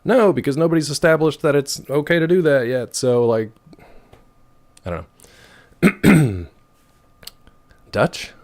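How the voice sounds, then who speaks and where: A man in his thirties chatting casually with his stream viewers, rambling and wry, with a rough throat. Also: fairly high pitch, animated, slow pace, pauses often, a little mellow. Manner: rambling, wry, reacts to chat messages.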